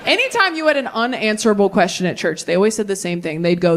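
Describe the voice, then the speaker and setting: A woman's voice: medium pitch, lively intonation, fast talker, few pauses, fairly bright tone. A woman comedian performing a stand-up set on a club stage, with sarcastic, self-mocking punchlines.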